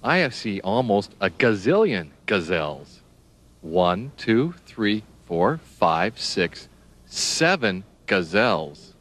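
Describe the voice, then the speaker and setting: A man's voice: fairly low pitch, big pitch swings, takes it slowly, a bit bright. A man teaching young children animal names, spelling words out letter by letter and asking the listener questions.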